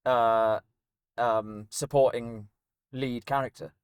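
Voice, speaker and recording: A man hosting a casual podcast chat from inside a van, teasing his co-host in animated banter. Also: medium pitch, slow pace, smooth, dry recording, studio quality.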